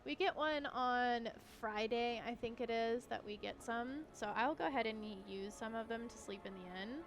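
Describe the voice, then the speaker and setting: A high-voiced woman game streamer chats casually at normal speed during gameplay, giggling and talking to her horse. Faint game music plays behind her.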